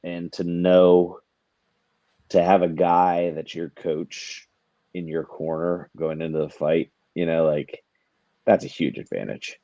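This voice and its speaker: A man's voice: low-pitched, slow, dark tone, no echo, highs cut off. A man co-hosting a podcast, making his case for sports bets in casual chat, emphatic and repeating himself for effect. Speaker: podcast co-host.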